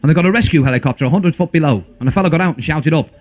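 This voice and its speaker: A man's voice: on the high side, racing, a little hiss or hum. A man with a Liverpool accent doing a stand-up comedy routine, chatty and full of stumbling asides.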